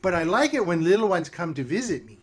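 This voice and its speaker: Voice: mid-range voice, sing-song, quick pace, pitched above the performer's own voice, natural voice. A game master voicing a sweet but creepy female witch in a tabletop game, cooing and doting in a singsong voice.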